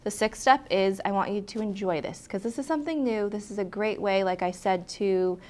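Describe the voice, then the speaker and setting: A woman's voice: mid-range voice, normal speed, a little mellow. A woman teaching a hand lettering tutorial in a chatty, encouraging way, often correcting herself mid-sentence as she shows her supplies. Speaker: lettering instructor. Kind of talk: casual hands-on tutorial.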